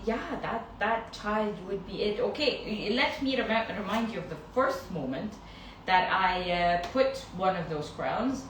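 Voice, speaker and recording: A woman pediatric dentist chatting casually with a colleague, animated and laughing often as she acts out her young patients. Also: medium pitch, measured pace, slight background noise. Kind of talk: casual chat. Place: dental clinic. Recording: echoey room, far from the mic.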